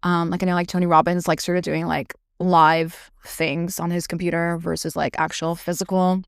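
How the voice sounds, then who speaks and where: A woman's voice: lowish voice, little pitch movement, moderate pace, creaky, smooth, no room sound, clean studio sound. A young woman hosting a podcast, telling a personal story in a gushing, casual way, peppered with "like" and swearing. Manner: gushing, heavy filler "like", frequent swearing. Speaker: podcast host.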